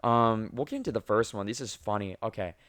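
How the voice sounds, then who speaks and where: A young man hosting a podcast, telling work stories in a casual, profane, animated way. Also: lowish voice, a little fast, no room sound, studio quality. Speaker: podcast host.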